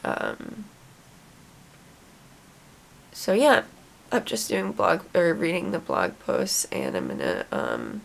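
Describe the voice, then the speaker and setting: Young female vlogger, lively pitch, heavy fry, loose chatty rambling. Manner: rambling, many fillers and restarts. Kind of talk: casual morning vlog chat. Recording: faint hiss.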